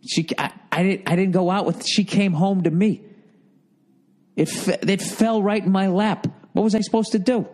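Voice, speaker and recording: A middle-aged man hosting a comedy advice podcast, reading listener letters and riffing loudly with profanity. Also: high-pitched, normal speed. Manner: loud, profane, animated riffing with mocking put-on voices. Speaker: podcast host giving advice.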